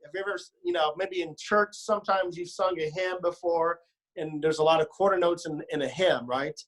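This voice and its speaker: Soft music plays behind a man leading choir practice in a slightly high, somewhat bright voice at a slightly fast pace. He works on pronunciation and word stress, speaks and sings phrases as examples, and makes joking asides.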